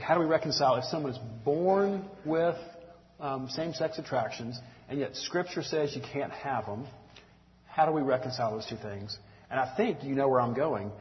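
Southern man preaching in an echoey hall. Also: medium pitch. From Mississippi, US. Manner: folksy, earnest, addresses listeners as y'all. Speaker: church teacher. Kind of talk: conversational sermon. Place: church room with audience. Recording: dull lo-fi recording in echoey hall.

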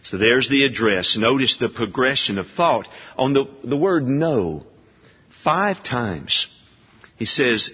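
Male preacher, slow and deliberate, husky voice with a lively swinging pitch, dull recording in a long-echo hall. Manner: slow, emphatic, rising to a high ringing pitch on key words. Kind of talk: sermon. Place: church sanctuary. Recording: dull long-reverb church hall sound.

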